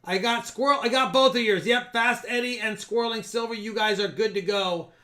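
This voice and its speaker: Guy hosting a live stream, bright high voice, goofy and loud, counting down giveaways. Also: brisk. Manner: playful and loud, counting down giveaways, joking with viewers. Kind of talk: casual live stream chat.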